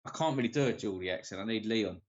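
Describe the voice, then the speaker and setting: A man's voice: fairly low pitch, fast talker. A man telling a story on a live stream in casual chat, swearing freely and acting out what people said. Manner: swears freely, acts out quoted lines. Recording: dull lo-fi stream audio.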